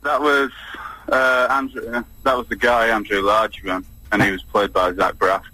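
Low, bright-toned laconic caller. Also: male voice, flat delivery, moderate pace, dry recording, rough recording. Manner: laconic, short answers.

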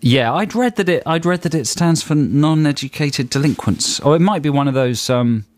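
Wry, deadpan male radio co-host. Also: on the high side, normal speed. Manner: dry, wry, deadpan jokes. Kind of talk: casual studio banter. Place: radio studio.

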